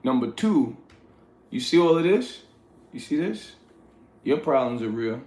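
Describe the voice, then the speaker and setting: A man's voice: medium pitch, sing-song, measured pace, mellow. Blunt New man lecturing his livestream chat. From New York. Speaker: livestream host. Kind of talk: casual livestream chat, reading chat aloud. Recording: roomy echoey room.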